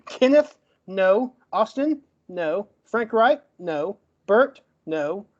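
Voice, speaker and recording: A man's voice: high-pitched, sing-song. Guy with a stutter rattling off his closing argument, keeps getting stuck on words, dull lo-fi audio. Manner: rapid-fire argumentative list-making. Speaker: debate participant.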